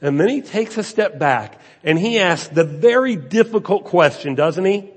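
A man's voice: high-pitched, expressive, moderate pace, husky. A man preaching a sermon as a pastor, with rhetorical questions and emphasis that rises and falls. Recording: long hall reverb.

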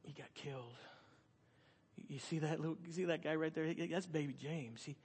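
A middle-aged man preaches a story-filled sermon, his voice sitting a little high for a man. He swings between loud, excited retelling and soft, hushed moments, with a long reverb trailing off his words in the hall. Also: quick pace, breathy edge. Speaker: pastor.

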